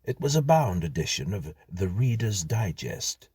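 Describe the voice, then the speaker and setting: A man reading a whimsical story aloud in a measured, dry-humored manner. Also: deep voice, very animated, darkish tone, breathy edge, dry recording. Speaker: narrator. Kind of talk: scripted storytelling.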